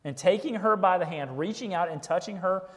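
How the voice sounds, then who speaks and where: A man's voice: sits high, fairly quick, a bit bright, big-room sound. A man preaching a sermon as a pastor, speaking conversationally and often checking in with "right?", with a joke here and there. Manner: conversational, keeps asking "right?", jokes.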